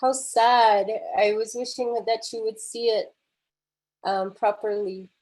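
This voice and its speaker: Slow-paced woman poet on a video call. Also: on the high side, steady tone, rough recording. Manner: soft, halting, emotional, many fillers. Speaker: guest poet. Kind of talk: unscripted remarks on a video call.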